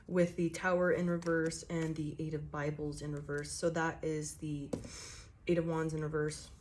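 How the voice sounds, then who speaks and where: A young woman with a somewhat low voice gives a tarot reading in an easy, rambling way. She swears freely and slips into quick voiced inner monologues as she talks. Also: little pitch movement, a little mellow, a little hiss or hum. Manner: loose, chatty and profane, acting out inner monologues. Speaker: tarot reader. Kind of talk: casual channeled tarot reading.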